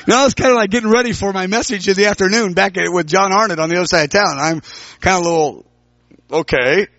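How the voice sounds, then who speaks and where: A man preaching, telling a personal story and acting out the dialogue with sudden high exclamations. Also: a bit bright, dry recording, lo-fi sound. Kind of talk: sermon storytelling.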